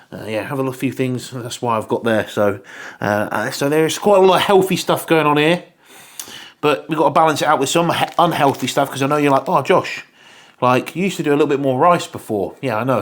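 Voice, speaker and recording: A young man vlogging casually about his meals, chatty and rambling, with casual swearing. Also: medium pitch. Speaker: fitness vlogger. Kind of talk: casual chat to camera.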